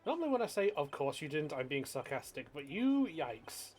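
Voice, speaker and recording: A man voicing an excitable young woman sidekick in a video game, chatty and bubbly. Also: a little high, moderate pace, a little hiss or hum. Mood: excited.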